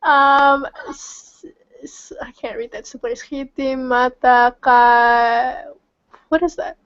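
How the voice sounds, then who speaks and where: High-voiced woman, curious, lo-fi. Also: steady tone, slow, a bit bright, clear, resonant tone. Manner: curious, asks questions. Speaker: study group member. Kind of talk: casual chat. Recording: dull lo-fi audio.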